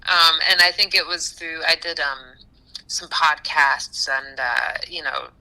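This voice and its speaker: A woman musician chatting casually in an interview, animated, with frequent laughs and fillers. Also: low voice, unhurried, rough recording. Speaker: musician guest.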